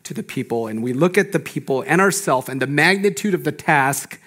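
A male pastor preaching a sermon, animated and laughing often, swinging from loud emphasis down to hushed, low lines. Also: brisk. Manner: laughs often between phrases.

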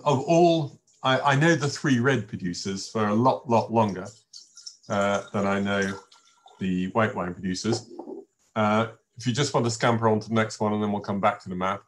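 An older man giving an informal wine-tasting talk from home, telling anecdotes with many ums and restarts. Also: on the low side. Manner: rambling anecdotal storyteller with many fillers and restarts. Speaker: wine presenter. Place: home in a village.

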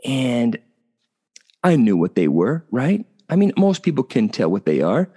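A man's voice: medium pitch, a little slow, slightly rough. A middle-aged man hosting a talk, telling a personal story in a conversational way and checking in with "okay?". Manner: animated, conversational, tags points with "okay?". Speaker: host.

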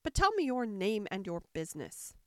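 Picture a haughty, easily offended egg of a man perched on his wall, as a woman reader puts him on, drawing out every word with lofty scorn. His voice rises and falls in big swoops of self-importance, and it sits dry and close with no room around it. It is a storybook voice, loud with pride. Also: medium pitch, big pitch swings, no echo. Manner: haughty, slow and emphatic, scornful. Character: pompous touchy male egg creature perched on a wall. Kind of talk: storybook reading.

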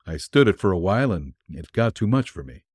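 A man's voice: sits low, sing-song, a little fast, a little mellow, breathy edge, no echo, clean studio sound. A man reading a vintage pulp story aloud in a wry, hard-boiled first-person manner. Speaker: narrator.

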